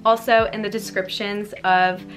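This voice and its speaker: A young woman talks through her book picks in a loose, rambling vlog style, tripping over fillers and getting emotional easily. Her voice sits at an ordinary middle pitch for a woman. Clear background music plays underneath her the whole time. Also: little pitch movement, moderate pace, fairly bright tone. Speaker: book YouTuber. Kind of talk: casual chatty vlog.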